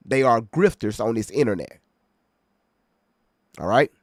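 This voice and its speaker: A man hosts a reaction video, speaking directly to his viewers with emphasis and often checking that they're following along in this casual commentary. His voice is medium in pitch, expressive, and a little slow. The recording is studio quality with no room sound.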